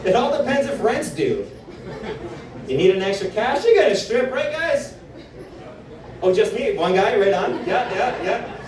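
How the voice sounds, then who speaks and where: Animated male stand-up comedian in a roomy club. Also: high-pitched, unhurried, long pauses, crowd noise. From Canada. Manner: animated storytelling with acted-out quotes. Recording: roomy club sound from a distance.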